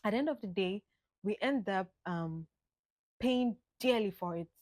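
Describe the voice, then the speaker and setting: A woman, musing aloud in an unhurried reflective monologue. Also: mid-range voice, darkish tone, no room sound. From Ghana. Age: late 20s. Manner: musing, unhurried, drifts between thoughts. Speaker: vlogger.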